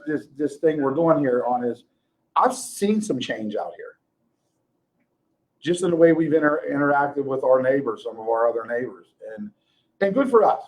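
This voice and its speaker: Casual podcast co-host, a man with a fairly high voice who ribs his friends and rambles. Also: darkish tone, rough recording. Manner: teasing, laughs often, rambling restarts. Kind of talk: casual chat.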